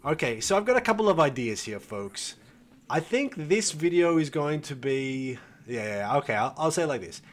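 Pitched on the high side, this older man speaks at a moderate pace with a sing-song lilt. He hosts a gaming video, casually talking and reasoning aloud while playing, swearing freely and calling his viewers "folks."

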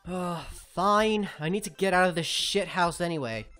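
A woman's voice: on the low side, moderate pace, a bit bright, soft background music, lightly acted. A woman voicing a young, exasperated, foul-mouthed male fox sidekick in an amateur cartoon. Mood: grudging. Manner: exasperated, sighing, swears a lot.

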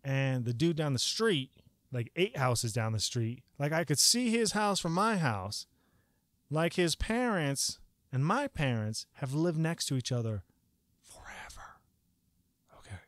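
A man telling a personal story in a casual vlog, animated and profane, rambling with lots of filler words. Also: medium pitch, measured pace, pauses often, no echo, clean studio sound.

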